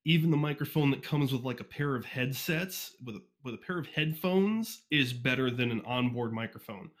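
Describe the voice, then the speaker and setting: A man from Northeast Ohio talks in a loose, casual podcast chat. He tends to rush his words and leans on fillers and quick restarts. His voice sits at an everyday middle pitch, picked up cleanly by a USB condenser mic. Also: expressive. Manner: fast-talking, informal, frequent fillers and restarts. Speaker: podcast guest, fan audiobook reader. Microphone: USB condenser microphone.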